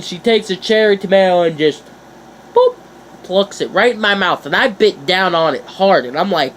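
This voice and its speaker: A teenage boy vlogging in a casual, chatty way, playful and animated, jumping up in pitch for emphasis. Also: normal speed, a little hiss or hum. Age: teens. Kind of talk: casual chat to camera.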